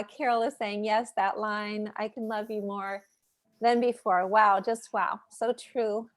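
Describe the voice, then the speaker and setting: A woman hosting an online video call meeting, reading chat messages aloud in a warm, moved way. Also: on the high side, no room sound. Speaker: meeting host. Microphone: computer mic on a video call.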